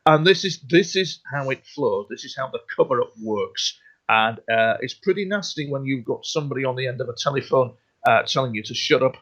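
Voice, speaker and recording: A man's voice: mid-range voice, expressive, fairly quick, fairly bright tone. A man, a radio interview guest, talking earnestly and rambling, often repeating himself and restarting his sentences. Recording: dull lo-fi sound.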